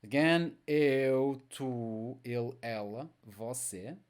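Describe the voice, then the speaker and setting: A man teaching an online language lesson, patient and repetitive, drilling each word aloud. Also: medium pitch. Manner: slow, patient, repeats words for drill.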